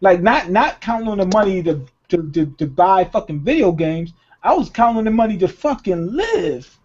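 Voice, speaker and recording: A young man, the host, telling a story in casual chat with a profane, animated delivery and acted-out quotes. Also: sits high, normal speed. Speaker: podcast host. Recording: dull lo-fi recording.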